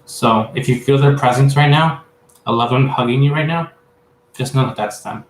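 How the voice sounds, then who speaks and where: A man giving a psychic medium's casual reading in a roomy, echoey space. He rambles and stops often, piling up filler words as he gathers his thoughts. His voice sits at an ordinary middle pitch. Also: slight background noise. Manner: rambling, halting, many fillers. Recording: echoey room.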